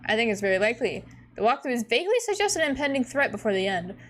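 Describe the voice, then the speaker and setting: A woman hosting a casual read-through of a webcomic, giggly and excitable, swearing freely. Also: fairly high pitch, rapid-fire, a little hiss or hum. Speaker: host reading a webcomic aloud. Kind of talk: casual reading and commentary.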